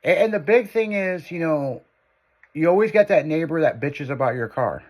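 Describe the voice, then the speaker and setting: A man's voice: fairly high pitch, animated, moderate pace. A man co-hosting a radio show in casual chat. He is laid-back, laughs often and swears in asides.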